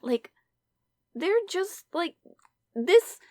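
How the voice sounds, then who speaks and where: Femme sarcastique au ton très animé. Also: female voice, very high-pitched, extremely slow, no echo, studio quality. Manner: animated, sarcastic, swears freely. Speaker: podcast co-host. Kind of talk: casual chat.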